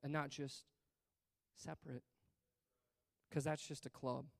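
A man preaching a sermon, reading scripture aloud and stopping to comment, swinging between loud emphatic bursts and quiet asides. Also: on the high side, flat delivery, slow pace, gravelly, no echo, studio quality.

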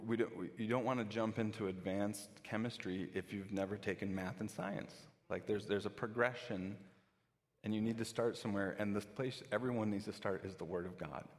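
Male pastor, low voice, conversational sermon, long hall reverb. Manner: conversational, with frequent restarts.

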